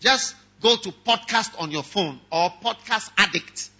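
A man preaching with a very bright, husky voice that climbs high. He swings from quiet talk to shouted lines and puts on whiny voices to mock critics. The recording sounds dull and lo-fi. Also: expressive, measured pace. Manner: mocks objectors in whiny voices. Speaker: pastor. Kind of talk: sermon.

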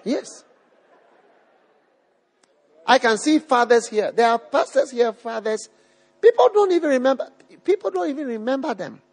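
A man's voice: extremely high pitch, expressive, normal speed, pauses often, slightly rough. A man preaching a live sermon to a congregation, emphatic, repeating his phrases and putting questions to the crowd. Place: church hall with a live congregation. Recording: long hall reverb.

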